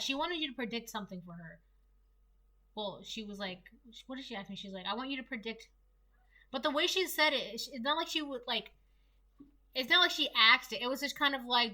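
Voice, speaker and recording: A young woman talks through a tarot reading in a loose, rambling way, full of fillers and restarts. Her voice is bright and clear and sits a little high. She sounds like a casual solo reader chatting to her viewers.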